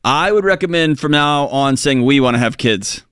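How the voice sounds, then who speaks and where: A man's voice: medium pitch, animated, normal speed, a bit bright, smooth, no echo, clean studio sound. A man hosting a call-in radio show, chatting casually and joking at his own expense. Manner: joking, self-deprecating.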